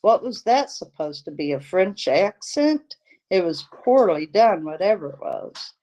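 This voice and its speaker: A woman reading a novel aloud, telling the story in a steady, deliberate way. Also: lowish voice. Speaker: audiobook reader, channel host.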